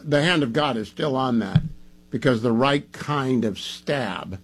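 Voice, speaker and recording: Groggy radio host. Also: male voice, medium pitch, expressive, unhurried, breathy edge. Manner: chatty, wandering, emphatic. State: groggy from medication. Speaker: radio talk show host. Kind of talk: casual monologue.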